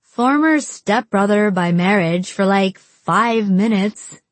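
A woman's voice: mid-range voice, slow pace, no echo. A woman putting on a brash, teasing young woman. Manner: pushy, dramatic, provocative.

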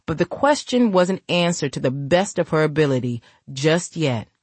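A woman's voice: low-pitched, animated, normal speed, a little mellow, breathy edge, dry recording. A woman voicing a suspicious young man who bluntly accuses a woman in coarse slang. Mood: accusing. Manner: blunt, profane street slang.

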